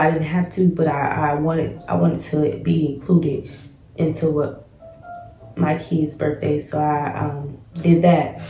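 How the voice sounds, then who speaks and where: Mellow-voiced woman podcast host in an echoey room. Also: sits low. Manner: rambling and repetitive, heavy use of "like". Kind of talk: casual solo storytelling. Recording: echoey room with faint music.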